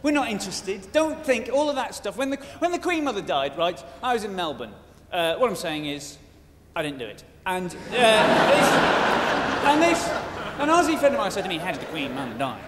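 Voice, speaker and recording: Man, stand-up comedian, mock-indignant and quick, high lively voice, loud crowd noise in a reverberant hall. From Britain. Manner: quick, animated, mock-indignant, bursts into shouted impressions. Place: large theatre stage before a live audience. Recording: roomy, echoing hall with loud audience noise.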